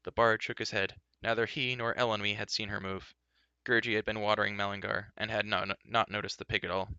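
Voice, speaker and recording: A man's voice: level tone, fairly quick, smooth, dry recording, highs cut off. A man reading a fantasy storybook aloud, giving the characters their own voices. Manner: shifts pitch and loudness for each character's lines. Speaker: audiobook reader.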